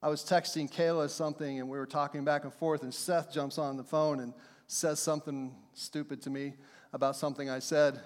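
High-voiced preacher in a reverberant hall. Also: male voice, little pitch movement, a little fast. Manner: conversational preaching, dips into acted voices and laughs. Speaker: pastor. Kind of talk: sermon. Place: church sanctuary.

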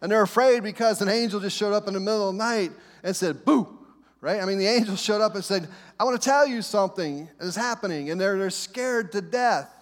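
A middle-aged pastor preaching with a fairly high voice. He leans on dramatic pauses and repeats his reassurances again and again. His words ring out with a long reverb, as in a church sanctuary. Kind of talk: sermon.

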